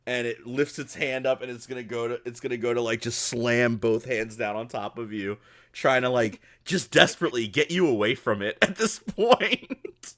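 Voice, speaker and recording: A man serving as game master for a tabletop game, telling the action in a loose, excitable way. He breaks into laughter often. His voice sits at an everyday middle pitch. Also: moderate pace. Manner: laughs often while narrating, casual and excitable.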